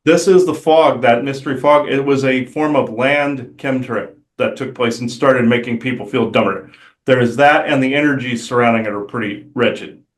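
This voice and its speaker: A man talking as a guest on a podcast, rambling and halting with many restarts and fillers. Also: medium pitch. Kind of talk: casual conversation.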